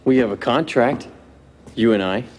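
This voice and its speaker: An actor playing a young computer company founder who speaks in clipped, bitter, sarcastic bursts in a film drama. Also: male voice, mid-range voice, moderate pace, in a large hall, slight background noise, natural voice. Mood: indignant.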